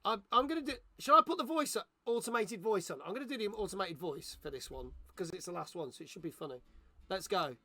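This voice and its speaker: A man's voice: sits high, lively intonation, fast, pushed and bright. A man hosting a live game stream, joking and chatting with viewers as he reads out their messages. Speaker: streamer host. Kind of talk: casual live-stream chat.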